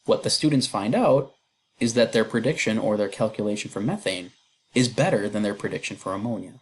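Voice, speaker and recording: A man delivers a recorded chemistry walkthrough, chatting casually, using fillers, and making self-deprecating comments along the way. His lowish voice is a little fast and slightly rough.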